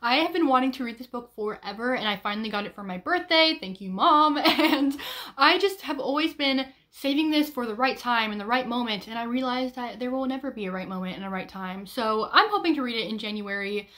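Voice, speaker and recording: A woman's voice: on the high side, expressive, brisk, fairly bright tone. Bubbly young woman chatting about books. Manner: chatty and bubbly, with frequent ums and restarts. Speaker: book vlogger. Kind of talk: casual chat.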